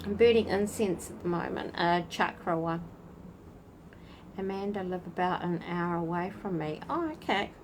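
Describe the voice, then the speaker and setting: A woman's voice: on the low side, moderate pace, low-quality recording. Woman chatting on a live stream outside at night, greets folks by name, faint hiss behind. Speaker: spiritual channel host. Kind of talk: casual livestream chat. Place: outdoors at night in a breeze.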